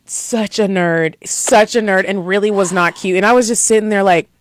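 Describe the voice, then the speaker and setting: A woman's voice: mid-range voice, moderate pace, no room sound, clean studio sound. A young woman co-hosting a podcast, telling a dating story in casual chat, acting out quotes with big jumps in her voice and swearing freely. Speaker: podcast co-host.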